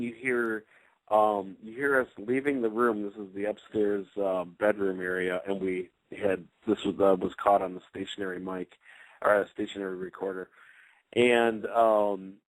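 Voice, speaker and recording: A man's voice: on the low side, moderate pace, no room sound, poor audio. A man, a paranormal investigator, chatting casually on a radio show, rambling with many fillers and restarts.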